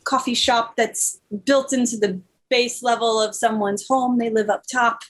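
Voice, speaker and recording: Woman, tabletop game narrator, easygoing, stumbling words, high voice, breathy. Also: fairly even intonation, measured pace.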